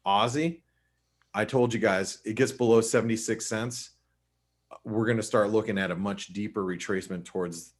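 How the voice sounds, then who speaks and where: A man giving a casual live webinar on currency charts, chatty and full of restarts. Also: lowish voice. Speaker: forex market analyst.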